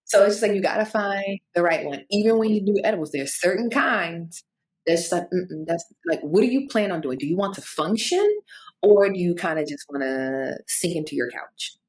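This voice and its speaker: Woman co-host, casual chat, blunt, swears, pitch swings widely. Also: moderate pace. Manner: animated, acts out quoted reactions in varied voices. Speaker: podcast co-host.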